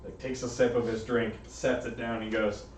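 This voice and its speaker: A man running a tabletop game as game master, lively and laughing, slipping briefly into character voices. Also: medium pitch, normal speed. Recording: roomy echo, distant mic, background noise.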